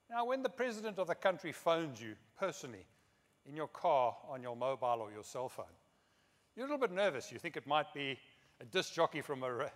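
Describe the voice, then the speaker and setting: A middle-aged man giving a conference speech, telling humorous anecdotes and quoting others in his own voice. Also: mid-range voice. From South Africa. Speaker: keynote speaker. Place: conference hall. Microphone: podium microphone. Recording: long hall reverb.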